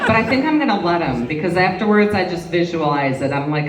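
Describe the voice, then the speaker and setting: A woman's voice: on the low side, fairly quick, hardly any pauses. A woman in her fifties from Wisconsin performing a bawdy stand-up comedy set, talking brashly and conspiratorially to the audience. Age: 50s. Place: reception hall, live show. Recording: echoey hall, distant mic, loud crowd laughter and noise. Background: audience laughing.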